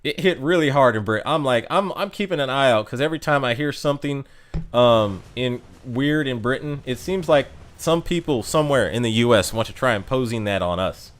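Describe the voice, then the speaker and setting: A man's voice: medium pitch, animated, a little fast. An American man chatting casually to viewers on a live stream, rambling, with lots of fillers and restarts. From United States.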